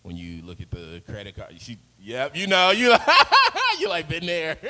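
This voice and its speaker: A man's voice: on the high side, wildly swooping pitch, unhurried, sharp tone, big-room sound, low-quality recording. A young man from Chicago's South Side doing a loose, rambling stand-up set at an open mic, full of fillers and chuckling at his own jokes. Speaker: stand-up comic. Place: open-mic stage in an arts space.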